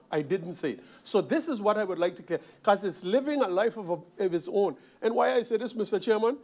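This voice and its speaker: Emphatic high-voiced man speaking in parliament. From Sint Maarten. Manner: emphatic, repetitive, forceful rhetorical questions. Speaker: member of parliament. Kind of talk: parliamentary speech. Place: parliament chamber.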